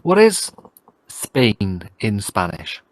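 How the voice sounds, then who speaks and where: A man's voice: lowish voice, wildly swooping pitch, drawn-out words, no echo. A man co-hosting a casual podcast chat, blunt and jokey as he argues his points. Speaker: podcast co-host.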